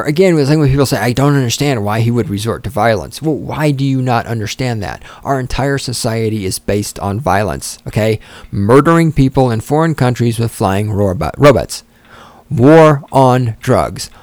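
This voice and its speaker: Heated male commentator, sarcastic and profane, even mid pitch, dry close mic. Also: no room sound. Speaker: political commentator. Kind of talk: ranting commentary.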